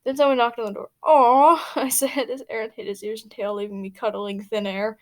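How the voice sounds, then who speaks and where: A woman's voice: fairly high pitch, fairly even intonation, fairly quick. Stumbling young-sounding woman reading fanfic. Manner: stumbling, restarting, laughing asides. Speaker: fanfic reader. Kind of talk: reading fan fiction aloud with asides.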